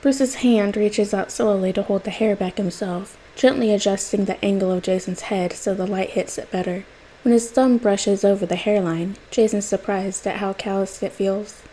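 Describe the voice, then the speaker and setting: A woman reading fan fiction aloud as a podfic, narrating in an even, unhurried way. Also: medium pitch, a little hiss or hum, low-quality recording. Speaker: podfic reader.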